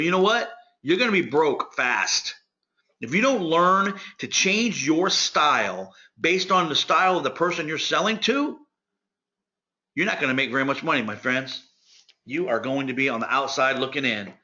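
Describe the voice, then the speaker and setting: Energetic man teaching sales. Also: medium pitch, normal speed, lo-fi sound. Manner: direct, energetic, talks to the audience as friends. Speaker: sales trainer. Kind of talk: instructional talk.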